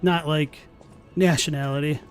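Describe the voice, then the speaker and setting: A young man chatting deadpan and rambling while he plays a game live on stream. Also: fairly high pitch, unhurried, smooth. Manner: rambling, filler-heavy. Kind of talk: casual live-stream chat while gaming. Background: faint game music.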